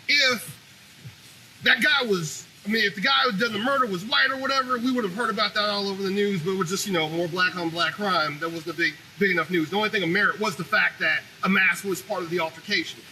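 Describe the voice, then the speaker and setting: Very high-voiced, piercing male ranter. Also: slight background noise, rough recording. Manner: animated, profane, ranting. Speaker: commentary show host. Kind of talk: opinionated monologue.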